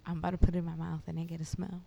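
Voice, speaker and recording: Young woman, gravelly low voice, swearing, lively podcast storyteller. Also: racing, muffled recording. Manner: animated storyteller who swears a lot. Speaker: podcast guest. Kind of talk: casual chat.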